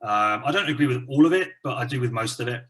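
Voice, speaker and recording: A man from England talks through an interview as an English teacher and trainer. His voice sits mid-range in pitch, and he sounds relaxed and chatty, leaning on easy fillers as he explains his views. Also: quick pace. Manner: relaxed, chatty, frequent fillers like "you know". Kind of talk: casual interview conversation.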